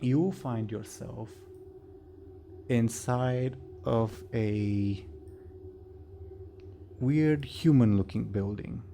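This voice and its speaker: Slow, gravelly game master. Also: male voice, medium pitch, mellow, a little hiss or hum. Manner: chuckling, trailing off and muttering asides. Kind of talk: running a tabletop game online.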